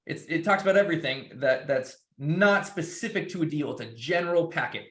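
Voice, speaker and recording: Guy talking business, kinda high voice, lots of restarts, roomy echo. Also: lively intonation, a little fast. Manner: loose, rambling, with restarts. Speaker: guest speaker. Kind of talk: casual presentation.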